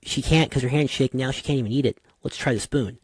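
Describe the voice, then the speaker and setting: Man doing a caring young girlfriend, eager, warm words, husky, dry. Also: mid-range voice, quick pace, no echo, natural voice.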